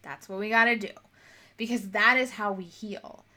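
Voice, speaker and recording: A woman's voice: medium pitch, steady tone, moderate pace, bright, forceful tone. A young adult woman giving a casual motivational talk as a spiritual coach, blunt and swearing freely, acting out the voices she quotes.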